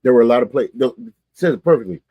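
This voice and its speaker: A man co-hosts a live sports talk stream, emphatic and colloquial, hammering points home by repeating them. His voice is mid-pitched with a husky, slightly raspy edge. The sound is dry and close to the mic. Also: expressive, quick pace, no room sound, lo-fi sound.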